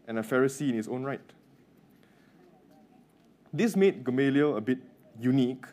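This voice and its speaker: A man's voice: lowish voice, a little mellow. A man whose first language is Mandarin, preaching a sermon in a conversational way and often checking in with the congregation with questions.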